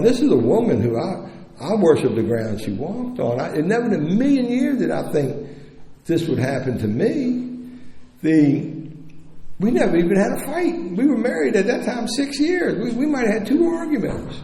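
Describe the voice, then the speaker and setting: Gravelly-voiced man sharing his story. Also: high voice, very animated, moderate pace, a little mellow, a little hiss or hum. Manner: blunt, profane and candid. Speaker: recovery convention speaker. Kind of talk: personal recovery story told to an audience. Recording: echoey hall with long reverb.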